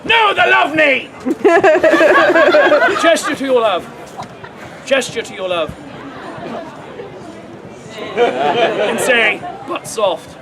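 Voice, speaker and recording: A man performs a comic story on an outdoor fair stage, playful and quick to laugh as he directs volunteers. His voice sits very high. A loud crowd laughs and chatters all around him. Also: animated, creaky, very noisy. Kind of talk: audience-participation comic storytelling.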